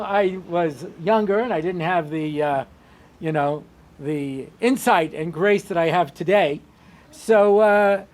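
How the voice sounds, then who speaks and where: A man who is a rabbi, giving a humorous lecture and telling stories with acted-out dialogue. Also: sits high. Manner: animated joking storyteller who acts out dialogue.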